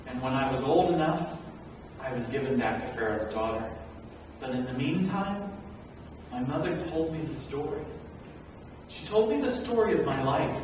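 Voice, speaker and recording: A male pastor preaching a sermon as a first-person Bible story, animated and swinging from hushed to loud. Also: on the high side, a little hiss or hum. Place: large church sanctuary. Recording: echoey hall, recorded from far off.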